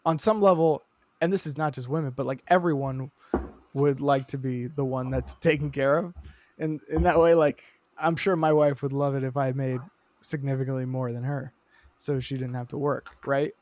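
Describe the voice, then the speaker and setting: A man's voice: medium pitch, steady tone, normal speed, darkish tone, dry recording. A man in his thirties co-hosting a casual comedy podcast, laughing often and mixing mock-formal bits into loose chat. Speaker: podcast co-host.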